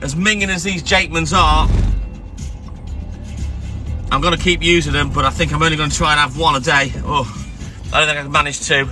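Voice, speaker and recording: A hoarse man chatting calmly to viewers on a live stream from inside his van. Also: quick pace, music in the background. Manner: keeping his voice calm and low, chatting to viewers. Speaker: livestreamer. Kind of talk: casual live-stream chat.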